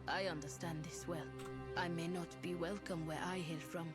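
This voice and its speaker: Game NPC: a grave, measured plant-folk explorer, voiced by a woman, lowish register, over strong game music. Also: fairly even intonation, close to an everyday voice. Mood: solemn. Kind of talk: video game voice acting.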